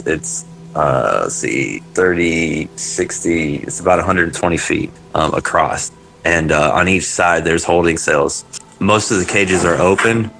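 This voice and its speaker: A man with a very low voice narrates a tabletop fantasy game as its game master. He talks hesitantly, full of ums and restarts, as he describes the scene and calls for rolls. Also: a bit bright, low-quality recording. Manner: hesitant, many fillers and restarts.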